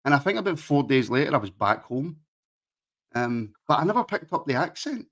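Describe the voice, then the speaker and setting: A man's voice: mid-range voice, sing-song, a little fast, a bit bright. Chatty Glaswegian man hosting a podcast. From Scotland. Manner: chatty, teasing, repeats words. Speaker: podcast host. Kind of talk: casual football podcast chat.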